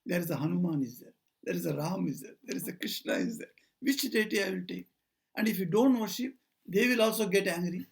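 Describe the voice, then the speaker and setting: A man's voice: high-pitched, brisk, gravelly, slightly rough. An older man, a monk, giving an informal spiritual talk indoors, telling stories and acting out the dialogue in them. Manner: storytelling, acts out quoted dialogue, digressive. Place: talk at a society house, indoors.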